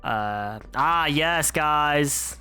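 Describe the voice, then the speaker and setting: A male streamer chats casually while playing, rambling and restarting his sentences. His pitch is lively, swinging up and down as he talks. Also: drawn-out words, clean tone, soft background music. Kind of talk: casual game playthrough commentary.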